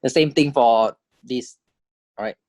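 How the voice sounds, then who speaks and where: A man giving a lecture on tones, explaining step by step, checking in with the class and saying sample syllables aloud in swooping pitches. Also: measured pace, darkish tone, no echo. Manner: explanatory, checks in with "right?" and "correct?". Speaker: language teacher.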